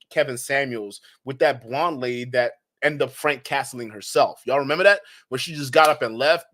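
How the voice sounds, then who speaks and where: Joking man reading super chats. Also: medium pitch. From Nigeria. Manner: joking, rambling, laughs often, shouts out viewers. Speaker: livestream commentator. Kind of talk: casual livestream commentary reading super chats.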